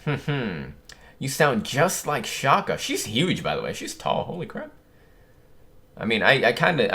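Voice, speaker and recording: A young man hosting a manga reaction, muttering through the pages and breaking into loud, surprised exclamations. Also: lowish voice. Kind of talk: reading aloud and reacting.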